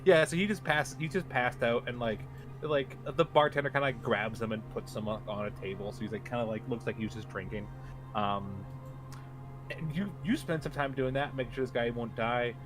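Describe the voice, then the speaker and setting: A man narrates a tabletop role-playing session as its game master. He rambles, with plenty of "like" and "um". Soft music plays clearly under his mid-pitched voice. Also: fairly quick. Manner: rambling, full of "like" and "um".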